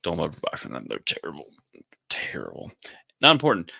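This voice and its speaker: A man's voice: extremely low pitch, huge pitch swings, brisk, gravelly, bright, forceful tone, slightly rough, no echo. A man co-hosting a live podcast, chatting casually and rambling with many restarts. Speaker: podcast co-host. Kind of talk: casual chat. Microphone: live stream mic.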